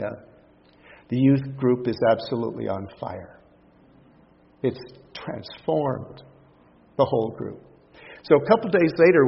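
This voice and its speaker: A man preaching a sermon, telling a story with lots of quoted dialogue in an animated way. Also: medium pitch, creaky, slightly rough. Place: church hall. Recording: dull lo-fi recording with long hall reverb.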